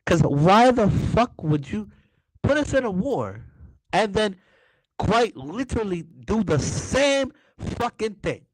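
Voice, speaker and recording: A man's voice: high voice, very animated, slow pace, no room sound. A young man hosting a political talk show, ranting heatedly with constant swearing and stammered restarts. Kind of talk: heated profane political rant.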